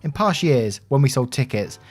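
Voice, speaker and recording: A man's voice: medium pitch, lively intonation, moderate pace, slightly rough. Man narrating reddit stories. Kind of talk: scripted story narration. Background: soft background music.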